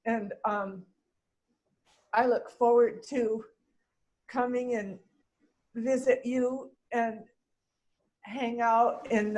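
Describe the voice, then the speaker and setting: A woman giving an unprepared eulogy for her mother over a video call, emotional and holding back tears, soft and hesitant with trailing pauses. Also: on the high side, low-quality recording. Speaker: daughter speaking at mother's online funeral.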